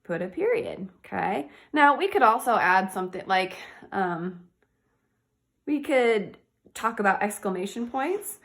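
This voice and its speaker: A woman teaching a reading and punctuation lesson to young children, cheerful and encouraging, slowly sounding out words. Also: mid-range voice, sing-song, fairly bright tone. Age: adult.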